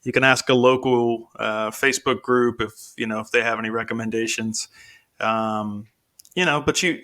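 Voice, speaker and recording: A man's voice: on the low side, pushed and bright. A man answering interview questions as a contractor, talking informally with lots of "you know" fillers. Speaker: contractor guest.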